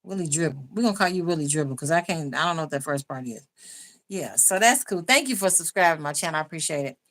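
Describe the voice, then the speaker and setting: A woman's voice: low-pitched, expressive, fast talker, a bit bright. A woman hosting a casual livestream, chatting loosely with viewers, laughing often and reading out their comments. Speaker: YouTube livestream host. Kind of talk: casual live chat with viewers.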